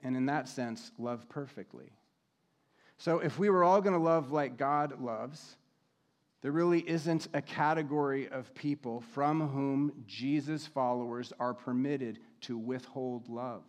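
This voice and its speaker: A man preaching a sermon, speaking in a measured way and slowing down deliberately when he reads scripture aloud. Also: mid-range voice. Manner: measured, slows to read scripture. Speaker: pastor.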